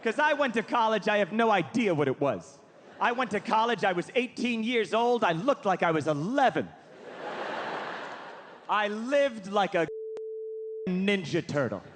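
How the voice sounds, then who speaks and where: A man performing a self-mocking stand-up comedy routine before a live audience, building to shouted punchlines. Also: high voice, sing-song, a little slow, long pauses. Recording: noisy live stage recording.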